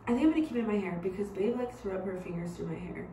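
A woman's voice: mid-range voice, very fast, mellow, reverberant, a little hiss or hum, low-quality recording. A woman vlogging at home in casual, rambling chat, with a lot of "like" between her words. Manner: rambling, chatty, heavy use of "like". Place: home bedroom.

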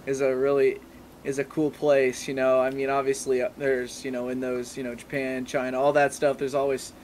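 A young man guests on a podcast, rambling through travel stories in casual chat full of fillers. His medium-pitched voice is completely flat and darkish at normal speed, with slight background noise.

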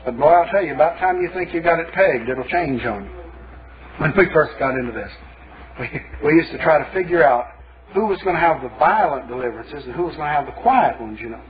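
A man's voice: on the high side, expressive, brisk. A male pastor preaching a sermon in a folksy, colloquial storytelling manner. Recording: lo-fi phone-like sermon tape.

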